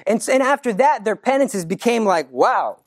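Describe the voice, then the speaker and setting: Teacher telling a religious story, super animated, loud then hushed, middle pitch. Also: moderate pace, dry recording.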